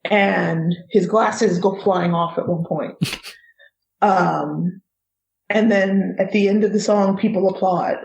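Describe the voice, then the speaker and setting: A woman from the United States, a guest author telling a personal story in a lively way and laughing often. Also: mid-range voice, takes it slowly, creaky, rough recording. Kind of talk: casual storytelling.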